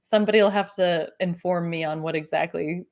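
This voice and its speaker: A woman's voice: on the low side, steady tone, brisk, darkish tone. A woman hosting a podcast, chatting casually and reading viewer comments aloud, often restarting her sentences with a light laugh. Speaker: podcast host.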